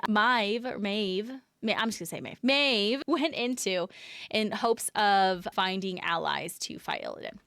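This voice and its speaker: A woman's voice: mid-range voice, a bit bright, clear, resonant tone, no room sound, studio quality. A woman streamer guiding viewers on a game lore tour, chatty and self-deprecating. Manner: chatty, self-deprecating, laughs at own mispronunciations. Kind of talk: casual live-stream narration.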